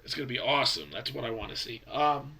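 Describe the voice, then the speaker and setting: In a casual sports vlog, a young male basketball fan offers rambling, opinionated predictions in a voice clogged by a cold. His pitch is medium, his delivery expressive and fast, with vocal fry and a sharp edge.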